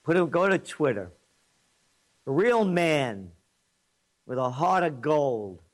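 Ranting New commentator, high lively voice, slow, mocking delivery. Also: male voice. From New York. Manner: combative, sarcastic, mocking. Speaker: commentator and host. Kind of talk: ranting political monologue.

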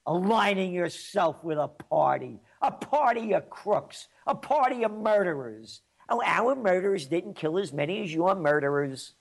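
Ranting New commentator, high lively voice, slow, mocking delivery. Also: male voice, gravelly. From New York. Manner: combative, sarcastic, mocking. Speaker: commentator and host. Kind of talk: ranting political monologue.

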